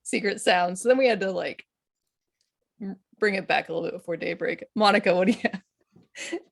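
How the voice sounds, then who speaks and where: A woman's voice: mid-range voice, normal speed, creaky, no room sound. Candid woman moderating a panel. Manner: laughs often, relaxed and candid. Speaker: panel moderator reading questions. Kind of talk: casual panel Q&A.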